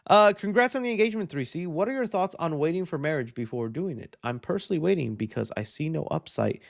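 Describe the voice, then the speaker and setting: A young man hosting a live stream, reading viewer questions out loud and answering them in a chatty, upbeat way. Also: on the high side, lively intonation, fast, gravelly. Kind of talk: casual live-stream chat.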